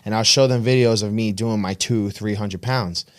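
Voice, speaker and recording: A man's voice: fairly low pitch, fairly even intonation, normal speed. A man with a New York accent, a gym owner and coach talking casually in an interview, blunt and swearing, acting out his clients.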